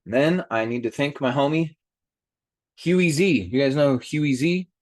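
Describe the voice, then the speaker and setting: A man hosting a group call, talking in an animated way and speaking straight to his listeners. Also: a little high, unhurried, no echo, studio quality. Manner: animated, addresses listeners directly. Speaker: host. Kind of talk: motivational group call talk.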